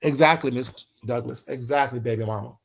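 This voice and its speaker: This livestreamer has a gravelly, medium-pitched voice and a brisk pace. He speaks directly to his chat in a heated, repetitive way during a casual stream.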